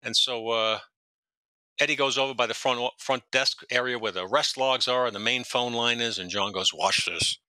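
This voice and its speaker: Animated storyteller, man with a very bright voice. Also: mid-range voice, moderate pace, no echo, low-quality recording. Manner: animated, profane, laughs at his own stories. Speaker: guest, former NYPD detective. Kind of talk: casual anecdote storytelling.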